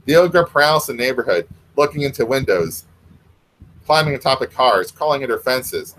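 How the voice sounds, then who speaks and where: A man's voice: medium pitch, lively intonation, moderate pace, fairly bright tone, poor audio. Man reading his story with wry asides. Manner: wry, self-mocking asides.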